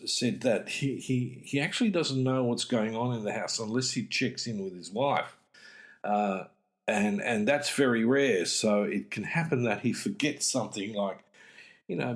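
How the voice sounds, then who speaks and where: A man, hosting a podcast and giving casual, direct relationship advice, acting out small exchanges as he goes. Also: mid-range voice. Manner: direct, conversational, acts out little dialogues. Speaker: relationship coach and podcast host.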